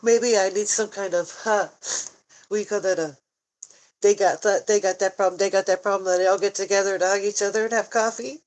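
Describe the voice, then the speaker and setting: A woman talking tearfully in a personal vlog, halting and sighing often, frank and swearing at times. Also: mid-range voice, steady tone, darkish tone, rough recording. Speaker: vlogger.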